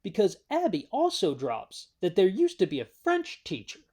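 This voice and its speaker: A man's voice: sits high, huge pitch swings, normal speed, dark tone. Man rambling wryly through a show recap. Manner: rambling, wry, talking straight to the viewer. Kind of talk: casual spoken recap.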